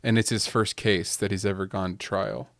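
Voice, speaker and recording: A man's voice: on the low side, steady tone, normal speed, no room sound, studio quality. A young man in casual chat, rambling through a movie plot with lots of "like" and briefly acting out the characters' lines. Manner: rambling storyteller, leans heavily on "like". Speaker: podcast panelist.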